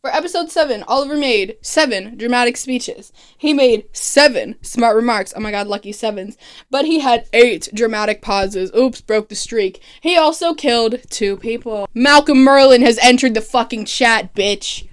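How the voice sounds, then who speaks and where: A young woman casually recapping a TV plot, excitable, swearing and laughing as she goes. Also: on the high side, normal speed. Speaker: recap vlogger. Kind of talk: casual plot recap with comic voiced quotes.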